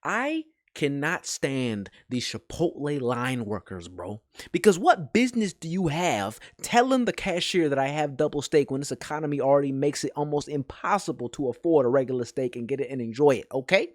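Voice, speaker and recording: A young man streaming live, ranting in an animated, profane, exasperated way. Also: medium pitch, normal speed, hardly any pauses, no room sound, studio quality. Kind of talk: live-stream reaction rant.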